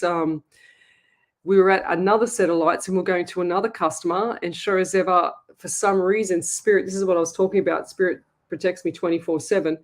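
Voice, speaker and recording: A woman with an Australian accent hosting a live psychic show, who reads out viewer questions and tells animated stories in a chatty way. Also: lowish voice. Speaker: psychic medium host.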